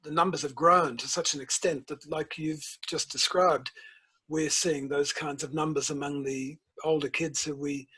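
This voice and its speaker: An older man, a guest author and principal telling stories in a measured, reflective interview. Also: a little high, steady tone, sharp tone, husky, low-quality recording. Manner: measured storytelling, tells anecdotes.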